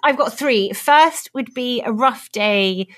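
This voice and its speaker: A woman guest in casual podcast chat, telling lively, excitable stories. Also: fairly high pitch, slow pace. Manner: lively, excitable storytelling with laughter.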